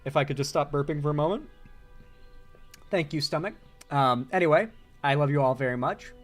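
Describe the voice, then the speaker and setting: A man's voice: fairly high pitch, fairly quick, faint music behind. A man hosting a casual live-stream commentary, loose and chatty, laughing often as he reads out viewer donations.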